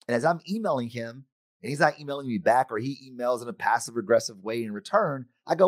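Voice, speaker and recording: A middle-aged man giving a conference keynote, animated and acting out the voices of friends and himself. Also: mid-range voice, fast, no room sound, clean studio sound. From United States. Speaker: conference speaker. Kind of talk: keynote talk.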